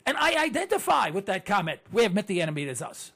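An older man in his late sixties speaks to his listeners in a rambling, animated monologue. His voice sits fairly high and swings widely in pitch, with a gravelly, slightly husky texture. He tells stories, fires off rhetorical questions and repeats himself as he builds a point. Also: fast talker. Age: 60s. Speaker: broadcaster addressing listeners. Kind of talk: conversational monologue with anecdotes.

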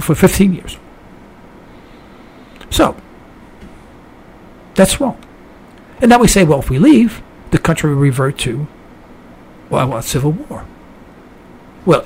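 A fired-up man rants on his talk radio show, stumbling and restarting as he pushes his point. His voice is gravelly and a bit husky, sits slightly high, and swings widely in pitch. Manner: heated, rambling, with many restarts and rising outbursts. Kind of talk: impassioned political radio monologue.

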